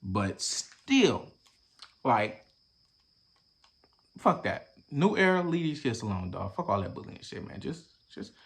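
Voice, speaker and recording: Young male podcast host, reaction commentary, very lively pitch, profane and animated. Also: takes it slowly, pauses often. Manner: animated, profane, switches between loud acted-out bits and low mutters.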